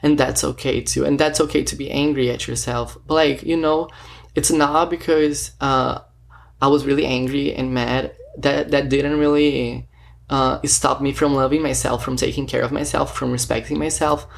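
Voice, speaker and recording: A man tells a story straight into his own camera, and his voice keeps sinking into a gravelly, creaky fry. He rambles, packs in fillers and acts out snippets of what people said. His pitch sits right in the middle for a man. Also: level tone, normal speed. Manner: rambling, filler-heavy, retells talks with quoted dialogue. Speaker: vlogger. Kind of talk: casual storytelling monologue. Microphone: self-recorded camera or phone.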